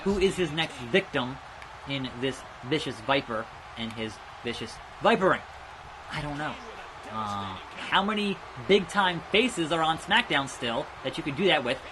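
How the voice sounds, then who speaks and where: A young man giving rambling let's play commentary, chatting about wrestling news and reacting loudly to the game as he plays. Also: on the high side, animated, normal speed, noisy background. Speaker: gaming YouTuber.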